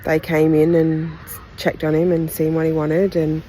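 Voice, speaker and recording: A woman from Australia hosting a podcast, giving a candid, heartfelt retelling of a personal story in halting phrases with pauses. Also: deep voice, completely flat delivery, warm tone, slight background noise, low-quality recording. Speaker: podcast host.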